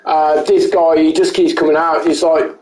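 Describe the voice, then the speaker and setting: A man's voice: a little high, little pitch movement, moderate pace, a little mellow, reverberant, low-quality recording. A man giving rambling, self-correcting live commentary while he plays a game, chatting with his viewers. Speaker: streamer.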